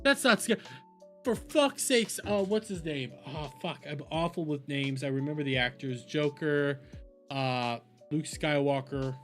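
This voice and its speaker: A man's voice: on the high side, measured pace, faint music behind. A young adult man giving profane, rambling reaction commentary as a video host.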